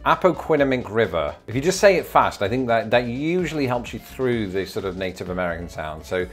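A man's voice: on the low side, animated, a little fast, soft background music. A man with an English accent hosting a casual vlog, playfully sounding out tricky words again and again as he guesses. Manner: playful, repeats words over and over sounding them out. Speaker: YouTube host.

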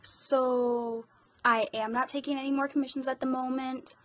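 A woman's voice: sits high, level tone, moderate pace, a bit bright, slight background noise. A young woman with an Irish accent, chatting casually and self-deprecatingly about her voice-acting commissions. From Ireland. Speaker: hobby voice actor.

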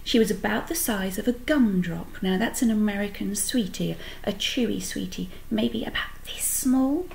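A woman's voice: mid-range voice, moderate pace, vocal fry, hardly any pauses, a little mellow, a little hiss or hum, rough recording. Woman reading a children's story. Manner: explains words to children. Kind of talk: reading a children's book aloud.

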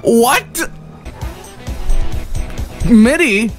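A man's voice: extremely high pitch, lively intonation, extremely slow, soft background music. A man doing profane, mocking let's play commentary on bad games, laughing often. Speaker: streamer.

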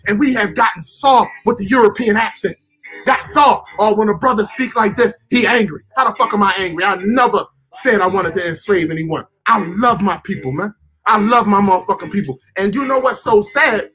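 A man delivering an impassioned monologue to his viewers, shouting, swearing and repeating himself. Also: fairly quick, faint music behind. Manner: calmer, lower and quieter.

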